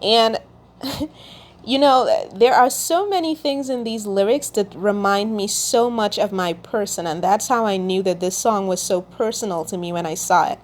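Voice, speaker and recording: A woman's voice: mid-range voice, unhurried. A woman hosting a casual Christian video, reading out song lyrics and explaining them, checking in often with "okay?". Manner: warm, checks in with "okay?", reads lyrics aloud.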